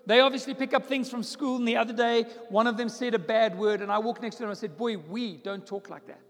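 A man's voice: very high-pitched, fairly even intonation, fast, long reverb tail. A man, a pastor, preaching a sermon with emphatic repetition.

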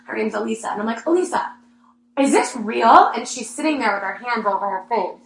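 A woman hosting a casual podcast chat, telling a story with lively acted-out quotes. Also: a little high, fast, vocal fry. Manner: animated storyteller acting out her own excitement. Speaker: podcast host. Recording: echoey room with faint hum.

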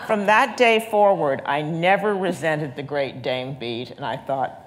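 A woman's voice: low-pitched, unhurried. A woman writer in a panel conversation who tells an anecdote expressively, acts out the quotes, and laughs as she goes. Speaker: magazine writer.

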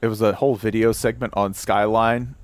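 A man co-hosting a podcast in casual chat, animated and jokey. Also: lowish voice, brisk, no echo. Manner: animated, acts out comic voices. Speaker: podcast co-host.

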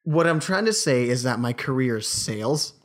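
A man from Canada co-hosting a laid-back podcast. His pitch moves around a lot and stays lively. He jokes constantly and teases his co-host in easy back-and-forth banter. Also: normal speed. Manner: joking, teasing banter. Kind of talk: casual podcast chat.

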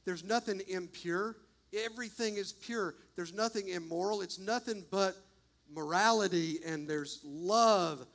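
Male pastor, high-pitched and impassioned, emphatic sermon delivery. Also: a bit bright. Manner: impassioned, emphatic, swings between fast bursts and slow stresses. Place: church, streamed online.

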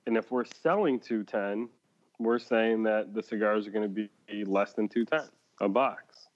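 A man's voice: on the low side, moderate pace. Guy cohosting a podcast, rambly, lots of restarts, laughs a lot, kinda muffled audio. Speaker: podcast co-host. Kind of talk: casual chat.

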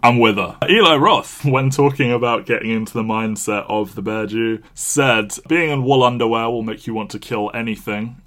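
A man's voice: medium pitch, moderate pace, few pauses, fairly bright tone. A man co-hosting a film podcast, talking in blunt, opinionated casual chat and swearing freely. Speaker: podcast co-host.

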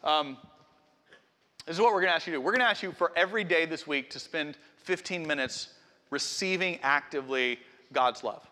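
A man's voice: a little high, brisk, pushed and bright. A middle-aged man preaching a sermon in a conversational, earnest way, speaking directly to his congregation. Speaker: pastor. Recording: long hall reverb.

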